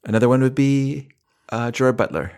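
A man's voice: mid-range voice, brisk, a little mellow, clean tone. A middle-aged man co-hosting a film podcast, recapping the plot in a rambling, casual way with many restarts. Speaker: podcast co-host.

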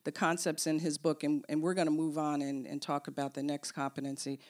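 A woman's voice: deep voice, little pitch movement, brisk, a little mellow. A woman co-hosting a casual discussion of a management book, earnest and explanatory with a teasing edge. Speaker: podcast co-host.

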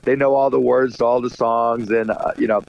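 A middle-aged man as a radio guest, telling stories in a lively, animated way and acting out quotes. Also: mid-range voice, brisk, gravelly. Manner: animated storyteller, acts out quotes, laughs often. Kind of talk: casual interview chat. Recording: dull lo-fi sound.

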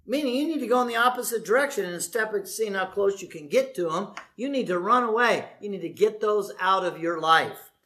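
A male pastor preaching a sermon in a lively, conversational way, often asking the congregation questions. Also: sits high, fairly quick. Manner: animated, conversational, asks the audience questions.

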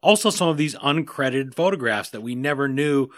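A man's voice: mid-range voice, lively intonation, fairly quick, fairly bright tone, no echo. Chatty man hosting, dry close sound. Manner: curious, chatty asides. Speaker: interview host. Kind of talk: conversational interview.

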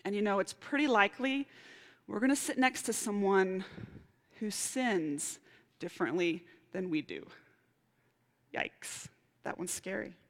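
A woman preaching a sermon, telling a personal story with lively, animated outbursts. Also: medium pitch, normal speed. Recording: reverberant hall.

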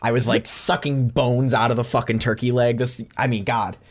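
A man co-hosting a casual podcast chat, telling stories with lively swearing. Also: medium pitch, moderate pace. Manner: animated storytelling, swears freely. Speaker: podcast co-host.

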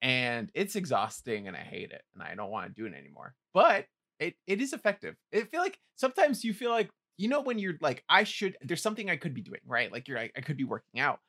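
Male podcast co-host, high lively voice, bright tone, rambling crude banter. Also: a little fast, few pauses. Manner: rambling, crude jokes, many "like" fillers. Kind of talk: casual chat.

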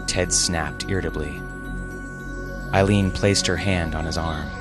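A man narrating a story in a measured, unhurried reading. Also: low voice. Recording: faint music behind.

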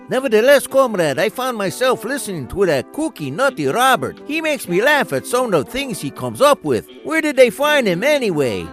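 An excitable skeptic. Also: male voice, sits high, heavily acted.

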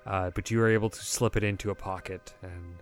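A man narrating as game master of a tabletop game, relaxed and halting with frequent fillers. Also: deep voice, soft background music.

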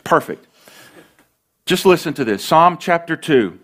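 A man preaching a sermon as pastor, earnest and emphatic, slowing down and pausing for dramatic weight. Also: fairly high pitch, expressive, fairly bright tone.

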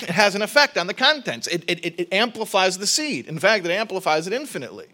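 A man teaching a religious study class, explaining ideas with rhetorical questions, quick restarts and repeated words. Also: high-pitched, sing-song, sharp tone.

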